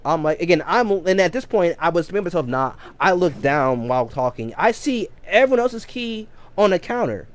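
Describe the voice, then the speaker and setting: A man's voice: sits high, sing-song, moderate pace, hardly any pauses. A man casually telling a long story on a game livestream, rambling with many restarts and self-corrections. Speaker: game streamer.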